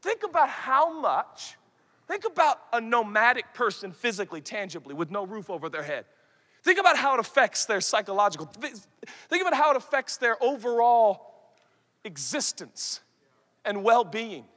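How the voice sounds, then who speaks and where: Male pastor, 30s, high bright voice, animated stage sermon with shouts and hushed asides. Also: moderate pace. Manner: animated, shifts from loud shouts to soft asides, acts out quoted voices. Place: large conference hall. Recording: long hall reverb.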